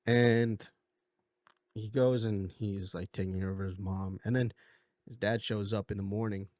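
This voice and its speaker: A man's voice: lowish voice, steady tone, unhurried, a little mellow, no echo, studio quality. Rambling man recapping a movie plot. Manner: rambling, filler-heavy, slips into goofy impressions. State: coughing a bit. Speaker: video essay host.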